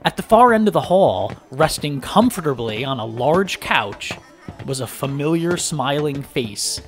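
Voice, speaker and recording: A man narrating a first-person story aloud with lively, dramatic delivery. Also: a little high, unhurried. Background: background music.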